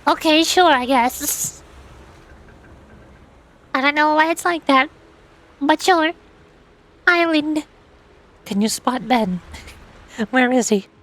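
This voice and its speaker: This young game streamer's voice sits high and is a bit bright; she speaks slowly and pauses often. Her casual commentary mixes playful chatter, reading dialogue aloud, and confused musing on the side.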